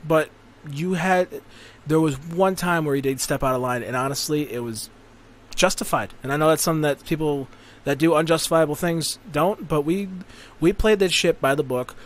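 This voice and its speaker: A man's voice: on the high side, moderate pace. Crude rambling man telling stories. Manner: crude, rambling, profanity-laced storytelling. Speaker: podcast host. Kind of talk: casual storytelling chat.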